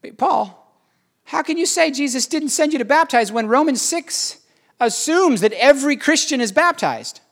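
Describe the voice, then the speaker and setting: A male pastor preaching a sermon in an animated, conversational way with emphatic questions. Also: very high voice, moderate pace.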